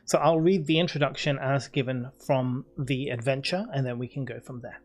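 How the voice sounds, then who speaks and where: A man's voice: mid-range voice, fairly even intonation, moderate pace, few pauses. A British man acting as game master, reading adventure descriptions aloud and chatting loosely with his players. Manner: chatty and easygoing, reads descriptions steadily then chats loosely. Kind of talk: running a tabletop game, reading adventure text.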